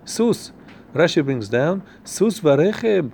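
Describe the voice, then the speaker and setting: Fast-talking man teaching Torah. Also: fairly high pitch, big pitch swings, gravelly, dark tone. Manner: quick, repeats himself and restarts, chanting Hebrew verses fast. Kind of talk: Torah class on the weekly portion.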